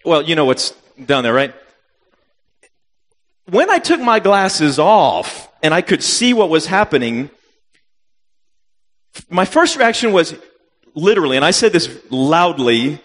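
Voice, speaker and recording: A man in his fifties, a missionary telling a funny personal story in a sermon, acting out his own reactions with sudden loud jumps. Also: high-pitched, sing-song, unhurried, long pauses. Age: 50s. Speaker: missionary preacher. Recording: long reverb of a hall.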